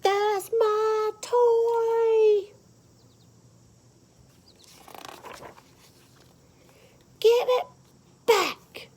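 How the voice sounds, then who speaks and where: Woman doing a furious little child, very high, loud, dragged-out shouting. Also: level tone, heavily acted. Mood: angry. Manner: shouting, drawn-out whine. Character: upset little girl, frustrated child.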